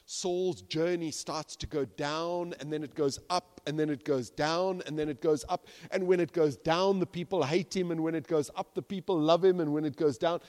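A man preaching a sermon as pastor, swinging from hushed to loud and acting out the people in his stories. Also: a little high, moderate pace, few pauses. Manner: animated, swings from hushed to loud, acts out quoted characters. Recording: long reverb of a large hall.

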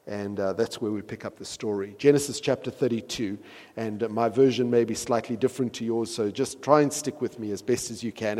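A man preaching a sermon, retelling a scripture story in a conversational way and correcting himself with quick apologetic asides. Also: medium pitch, steady tone, a little mellow, long reverb tail.

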